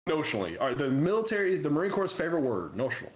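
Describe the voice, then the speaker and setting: A young man co-hosting a podcast, telling profane, animated stories about training and acting out other people's voices. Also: a little high, racing, a little hiss or hum. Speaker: podcast co-host. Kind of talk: casual storytelling chat.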